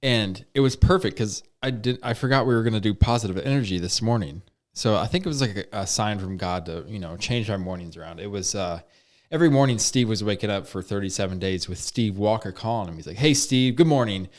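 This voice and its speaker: A man co-hosting a casual podcast, telling a story in a relaxed, halting way with many fillers. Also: on the low side. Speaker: podcast co-host.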